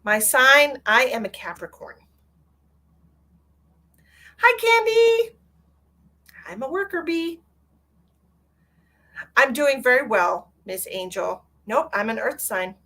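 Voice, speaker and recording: A woman's voice: fairly high pitch, animated, unhurried, bright, forceful tone. A woman hosting a live psychic reading stream, chatting casually with viewers and calling them by pet names.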